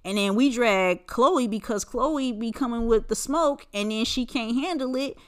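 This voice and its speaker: Forties woman ranting on her podcast, smooth clear voice, cusses a lot, rambly, tons of likes and you knows. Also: on the high side, measured pace. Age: 40s. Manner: blunt, profane, rambling gossip with many fillers. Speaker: podcast host. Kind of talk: casual solo podcast chat.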